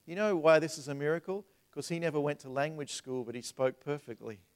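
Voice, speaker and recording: Conversational preacher, man, mid-high voice. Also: a little fast, clean tone. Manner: conversational preaching with rising emphatic passages. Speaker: pastor. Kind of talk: sermon. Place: church sanctuary.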